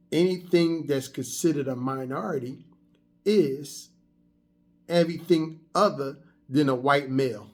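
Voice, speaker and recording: A man in his fifties giving a casual motivational monologue, telling stories in a conversational way with frequent restarts. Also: fairly high pitch. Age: 50s. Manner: conversational storytelling, repetitive restarts. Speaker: vlogger.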